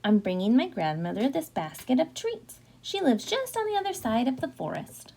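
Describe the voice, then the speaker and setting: A woman's voice: sits high, sing-song, moderate pace, mellow, heavily acted. A woman voicing a curious, cheerful young girl who speaks in an eager, polite, sing-song way in a storybook reading.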